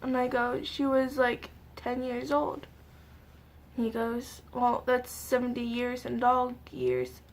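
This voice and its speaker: A young woman vlogger tearfully retelling a sad personal story in a halting way, with many fillers and pauses. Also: a little high. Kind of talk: emotional storytime vlog.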